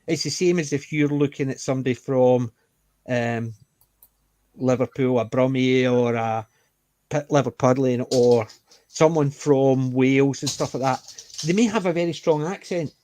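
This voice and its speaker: A man's voice: medium pitch, measured pace, a little mellow, a little hiss or hum. A Scottish man chatting casually, explaining at length with frequent restarts and self-corrections. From Scotland. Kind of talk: casual chat.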